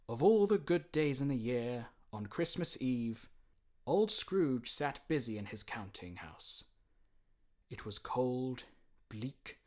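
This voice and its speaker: A man narrating a classic storybook in a measured, expressive reading, acting out the quoted characters. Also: mid-range voice. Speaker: audiobook narrator.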